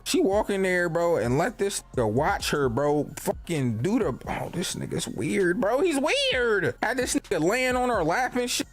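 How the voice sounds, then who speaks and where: Male recap commentator, high voice, very lively, slangy and animated. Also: moderate pace, few pauses. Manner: slangy, animated, acts out characters in quotes. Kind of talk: comedic casual episode recap.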